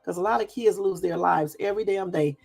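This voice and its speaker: Exasperated gravelly woman ranting on a live. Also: on the low side, fairly quick, a little mellow, no echo, soft background music. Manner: exasperated, blunt and repetitive, casual swearing. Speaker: channel host. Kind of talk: casual live commentary on news clips.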